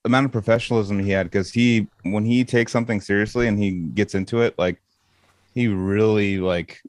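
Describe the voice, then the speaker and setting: A man's voice: lowish voice, steady tone, brisk, dry recording. A man guest on a podcast telling a story in casual chat, rambling with lots of "like" and heavy swearing.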